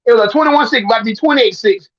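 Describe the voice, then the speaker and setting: A man co-hosting a podcast in casual sports talk, animated and teasing, repeating lines for emphasis. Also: extremely high pitch, very fast, lo-fi sound. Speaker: podcast co-host.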